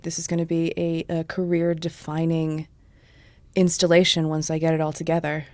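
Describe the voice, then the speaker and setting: A woman player in a tabletop game muses eagerly about her character. Her voice is a little low. The sound is dry and close. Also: completely flat delivery, moderate pace, a little mellow, no room sound. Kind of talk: tabletop role-play.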